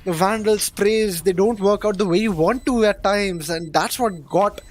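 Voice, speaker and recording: A man doing play-by-play commentary on an esports match, getting excited and loud on big plays. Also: high-pitched, unhurried, faint music behind. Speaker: esports caster.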